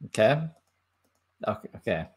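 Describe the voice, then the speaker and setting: A man hosting a reaction commentary, cutting in with mocking, sarcastic remarks. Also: unhurried. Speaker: commentary host.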